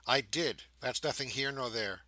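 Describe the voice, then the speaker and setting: Man voicing a dejected fallen man, subdued, weary, bright tone, audiobook. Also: mid-range voice, normal speed, dry recording, close to an everyday voice. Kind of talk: audiobook character reading.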